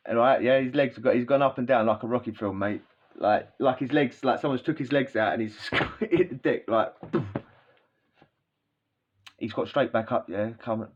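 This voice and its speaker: A man spins a rambling story, tossing in tag questions and quick laughs. His voice sits at an ordinary pitch. The recording sounds a little dull and lo-fi. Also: a little hiss or hum. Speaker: podcast host telling a story. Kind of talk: casual storytelling.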